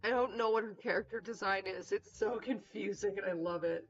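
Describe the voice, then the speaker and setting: A woman's voice: mid-range voice, a little fast, hardly any pauses, muffled recording, faint music behind. A woman streaming a detective game in casual commentary, chatty and self-mocking as she thinks aloud. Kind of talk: casual let's-play commentary.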